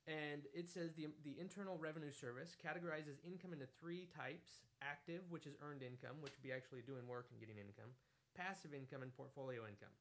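A man's voice: a little high, brisk, fairly bright tone, a little hiss or hum. A man co-hosting a podcast, talking in a dry, matter-of-fact way and reading questions aloud. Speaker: podcast co-host. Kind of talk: casual podcast banter.

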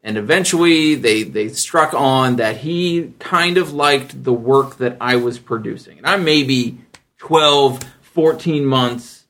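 A man in his thirties hosting a casual podcast, telling stories with lively energy and jumping high when he quotes other people. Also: slow pace. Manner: animated storyteller, jumps high when quoting others. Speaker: podcast host.

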